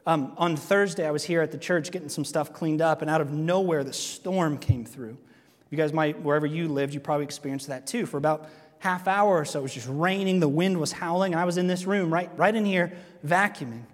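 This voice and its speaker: Male pastor with a high voice, earnest sermon delivery full of questions to the congregation, recorded in a church hall with a long echo. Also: brisk. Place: church sanctuary.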